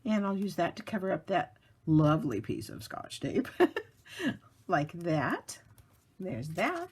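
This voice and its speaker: A woman's voice: fairly low pitch, sing-song, slow, a little mellow, breathy edge. A woman giving a casual card-making tutorial, chatty and laughing lightly as she narrates each step at her work table.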